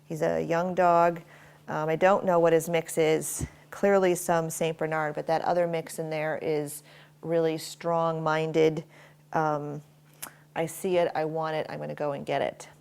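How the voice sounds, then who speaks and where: A woman's voice: deep voice, little pitch movement, a little slow, vocal fry, a little mellow, clear, resonant tone. A woman dog trainer working with a dog inside a house, explaining her method to viewers between short, firm commands to the dog. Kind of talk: instructional dog training demonstration.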